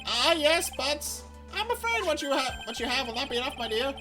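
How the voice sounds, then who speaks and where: A fussy older lawyer from a courtroom game, pompous and patronizing, as a man puts him on. The voice sits well above the reader's own and swings lively. Game music runs behind. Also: very high voice, a little fast, pitched above the performer's own voice.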